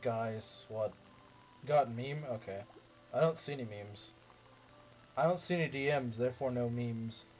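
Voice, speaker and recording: A man's voice: mid-range voice, measured pace, pauses often, a little mellow, faint music behind. A young man commenting casually on a strategy game as he plays, rambling, repeating himself and making jokey asides to his chat. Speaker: let's play streamer.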